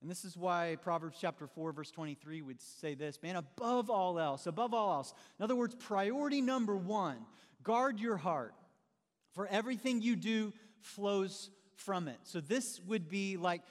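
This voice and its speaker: High-voiced preacher in a reverberant hall. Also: male voice, normal speed. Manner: conversational, animated, calls listeners "man". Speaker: pastor. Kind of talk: sermon.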